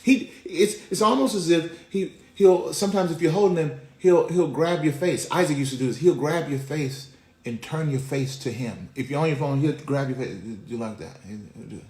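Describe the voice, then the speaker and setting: A middle-aged man preaching a casual devotional, telling folksy family stories in an animated way. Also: a little high, normal speed. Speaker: pastor. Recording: roomy echo.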